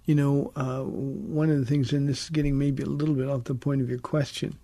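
A man who is a pastor and radio call-in host, teaching the Bible in an earnest, preacherly way, leaning on slow, emphatic words, from a close studio mic. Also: mid-range voice, flat delivery, warm tone, no echo. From United States.

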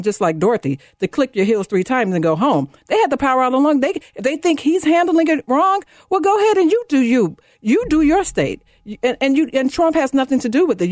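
A woman in her fifties hosting a talk radio show, delivering a fired-up, sarcastic monologue that climbs high when she gets indignant. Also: darkish tone, no room sound, clean studio sound. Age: 50s. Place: radio studio. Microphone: studio microphone.

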